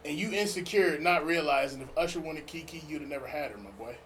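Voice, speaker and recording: A man's voice: on the high side, brisk, a little hiss or hum, poor audio. A man co-hosting a casual podcast, giving blunt, profane relationship advice. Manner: blunt, profane, preachy advice with sudden loud laughs. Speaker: podcast co-host.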